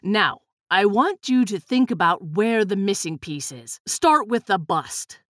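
A woman's voice: mid-range voice, animated, a little slow, fairly bright tone, dry recording, studio quality. A woman voicing a cold, scheming male villain in a storybook reading, speaking with a sneer. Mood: menacing. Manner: sneering, menacing.

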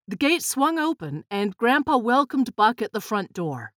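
A woman narrating a storybook in a measured, expressive reading. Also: a little high, dry recording, clean studio sound.

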